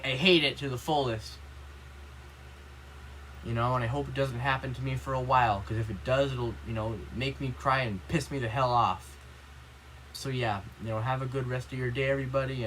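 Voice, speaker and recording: A young man vlogs a casual, rambling rant to camera, earnest and upset, constantly filling with "you know" and "like." His mid-range voice has a fairly bright tone, and the rough recording has slight background noise.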